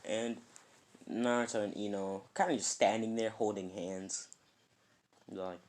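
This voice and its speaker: A man's voice: fairly low pitch, steady tone, a little slow, a little mellow. A man casually telling a made-up fan story, rambling and filling it with "kinda" and "like".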